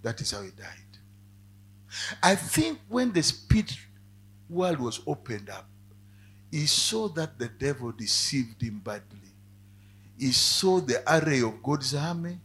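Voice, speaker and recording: A male preacher giving a sermon, dropping to quiet asides and then rising to loud, emphatic cries. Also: on the high side, sing-song, a little slow, long pauses, breathy edge.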